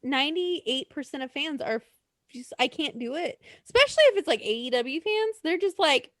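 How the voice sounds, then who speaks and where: A woman's high, animated voice bounces around as she chats on a podcast, cursing freely and laughing often. The sound is dry and close. Her pitch swings widely as she gets worked up. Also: normal speed, no room sound. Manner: swearing, excitable, laughs often, lively and chatty. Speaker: podcast co-host. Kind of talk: casual chat.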